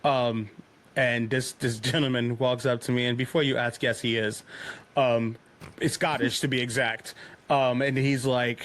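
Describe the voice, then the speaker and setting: A man's voice: mid-range voice, unhurried. A young man guesting on a podcast, telling jokey stories with lots of laughter. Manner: animated storyteller, laughs often, jokey. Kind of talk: casual chat.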